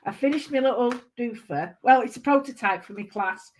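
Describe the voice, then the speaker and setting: A woman's voice: a little high, a little fast, slight background noise. Bubbly Mancunian woman hosting a craft stream. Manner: chatty and bubbly, greets viewers by name. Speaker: craft channel host. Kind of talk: live-stream craft chat.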